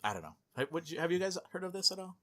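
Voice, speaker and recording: A man's voice: high voice, sing-song, racing, sharp tone. A man hosting a gaming podcast in casual chat, chatty and filler-heavy, laughing often. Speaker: podcast host.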